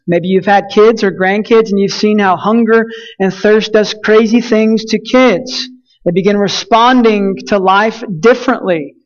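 Young man from West Texas, pastor, folksy sermon storytelling, high voice. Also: steady tone, a little slow, dull audio. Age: young adult. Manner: folksy storytelling with frequent fillers and restarts.

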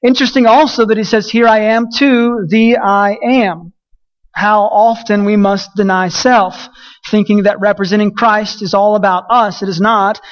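A man's voice: high voice, steady tone, moderate pace, lo-fi sound. A man preaching an earnest sermon, reading scripture aloud and repeating phrases as he corrects himself.

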